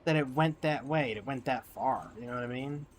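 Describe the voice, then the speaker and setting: A man with a mid-pitched voice rambles thoughtfully while playing a game, sharing opinions in a loose, reflective way. Faint background noise sits under his voice. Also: normal speed. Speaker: gaming channel host. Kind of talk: casual gameplay commentary with musings.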